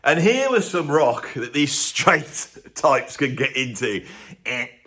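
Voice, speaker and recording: Speaking at a slow pace with a pushed, bright, sing-song delivery, this UK man sits at medium pitch. He fronts a music video, riffing sarcastically to camera in a rambling comic monologue that keeps breaking off mid-thought.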